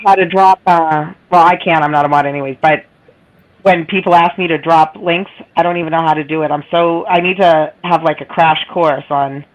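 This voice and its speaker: A woman with a Boston accent and a raspy, nasal voice, rambling in casual chat. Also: low voice, steady tone, normal speed, muffled recording. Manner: rambling, self-deprecating, laughs often. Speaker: livestream guest.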